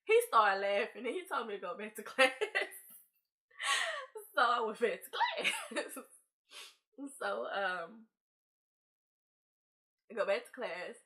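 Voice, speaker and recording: Bright-voiced young woman telling a story. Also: mid-range voice, slow pace, long pauses. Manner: animated, slangy storytelling that acts out quotes. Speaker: vlogger. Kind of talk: casual storytime.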